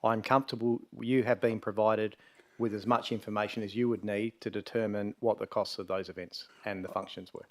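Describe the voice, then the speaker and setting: A man presiding over a council meeting, moving briskly through procedural items and fielding questions. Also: lowish voice, little pitch movement. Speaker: presiding mayor chairing the meeting. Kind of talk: chairing a formal council meeting.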